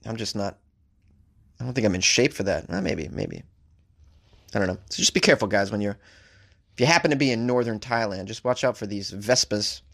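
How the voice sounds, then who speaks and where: A man reads strange news items out loud and comments on each one. He is sarcastic and rambling, with a casual swear here and there. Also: lowish voice, lively intonation, fairly quick, creaky, pauses often. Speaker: host reading and reacting to news stories. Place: staying in a hotel abroad.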